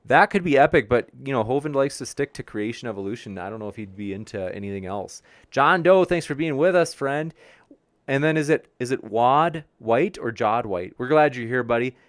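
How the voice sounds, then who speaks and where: This debate show host reads his live chat aloud at a brisk clip, his mid-range voice expressive and the recording free of room sound. He's cheerful and friendly with viewers, though he trips over their names.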